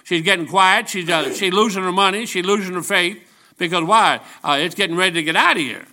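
A man's voice, pitched a little high and ringing with a bright edge, carries a church sermon. He preaches as a traveling evangelist, telling down-to-earth stories and often doubling back to restart a sentence. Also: brisk. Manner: folksy, storytelling preaching with frequent restarts.

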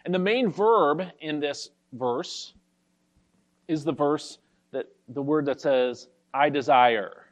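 High-voiced man preaching a Bible sermon. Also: dull audio. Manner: careful, explanatory teaching with scripture quotes read slowly. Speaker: pastor. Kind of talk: expository sermon.

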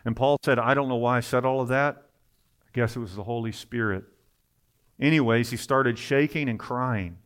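A man preaching a sermon to a congregation, at times rising to loud, fervent emphasis, with quick asides. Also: medium pitch, smooth.

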